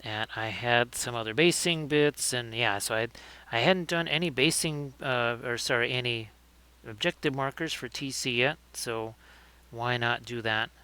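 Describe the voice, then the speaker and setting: A man's voice: mid-range voice, a little slow, bright, forceful tone, smooth. A man hosting a livestream, chatting casually and joking as he talks through painting his miniatures. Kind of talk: casual live commentary.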